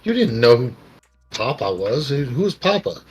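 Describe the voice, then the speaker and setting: A middle-aged man, a podcast co-host, telling personal stories in a rambling, animated way and acting out quotes. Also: mid-range voice, moderate pace, husky. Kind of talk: casual storytelling chat. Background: faint background music.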